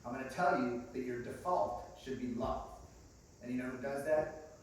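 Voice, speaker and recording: A man giving a sermon in a small church, telling stories and acting out the voices, swinging from quiet to loud. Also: mid-range voice, normal speed, a little hiss or hum. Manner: storytelling, acts out dialogue, swings from quiet to loud. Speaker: guest preacher. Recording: echoey church room, mic at a distance.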